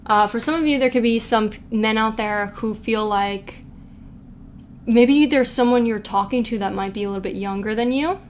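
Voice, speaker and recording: With a slightly high voice and a moderate pace, a young tarot reader chats and giggles through a casual pick-a-card reading. She reads quotes aloud with playful asides, and a faint hiss or hum runs underneath.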